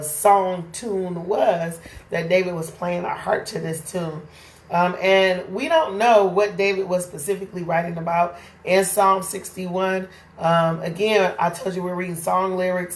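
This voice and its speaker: A woman's voice: on the low side, steady tone, unhurried, roomy sound. A woman teaching a casual Bible study, talking conversationally and often checking in with "right?". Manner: conversational, keeps asking "right?".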